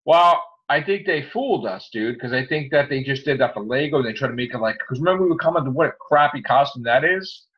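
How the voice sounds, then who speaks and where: A man's voice: mid-range voice, animated, quick pace, hardly any pauses. A man hosting a casual movie chat, rambling through critical opinions with many fillers. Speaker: podcast host. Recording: dull lo-fi recording.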